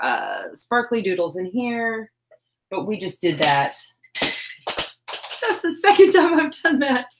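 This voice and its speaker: A woman's voice: mid-range voice, background noise. A woman, hosting a crafting livestream from her home craft room, chatting casually and self-deprecatingly while reading the chat aloud.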